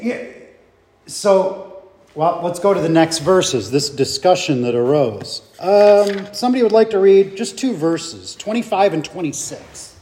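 Brief: slow, thoughtful man with a high voice leading a group Bible study. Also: lively intonation, a little mellow, slight background noise. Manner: slow, reflective, thinking aloud with fillers and rhetorical questions.

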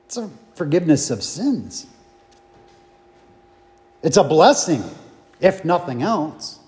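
Slow-talking man leading a Bible study. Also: fairly high pitch, big pitch swings, a little mellow. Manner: deliberate, with restarts and fillers. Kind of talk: Bible study teaching with scripture reading. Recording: long reverb from a hall.

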